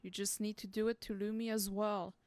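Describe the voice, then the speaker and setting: A woman on a voice call speaks in an even, level tone. She sounds gentle and reassuring. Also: medium pitch, brisk. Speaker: call participant.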